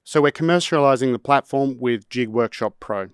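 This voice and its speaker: A startup founder giving a rehearsed, punchy and confident sales pitch. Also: male voice, moderate pace, clear, resonant tone, dry recording, clean studio sound.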